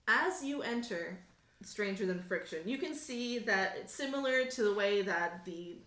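A woman's voice: medium pitch, lively intonation, a little slow, fairly bright tone. A woman narrating a tabletop role-playing game as game master, casual and laughing, full of "like" and "um". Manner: casual, laughs often, lots of fillers. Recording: echoey garage.

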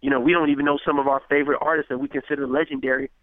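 A rapper from Richmond, California, talking casually as an interview guest, rambling and filling with "you know what I mean.". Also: male voice, mid-range voice, flat delivery, very fast, dry recording. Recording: tinny phone-like line, dry.

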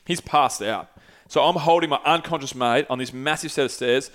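A young man casually telling a long travel story, animated and swearing freely. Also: medium pitch, normal speed. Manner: animated, swears freely, acts out quoted voices. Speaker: podcast host.

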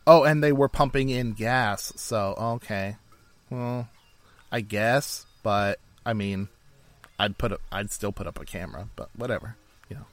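A man's voice: fairly low pitch, measured pace, no room sound. A man co-hosting a podcast in casual, rambling chat, full of fillers. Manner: laid-back, rambling with fillers. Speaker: podcast co-host.

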